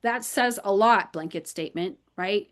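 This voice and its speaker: A woman's voice: mid-range voice, normal speed. A woman who coaches cleaning business owners, co-hosting a casual podcast and telling frank stories about difficult clients. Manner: blunt, candid storytelling.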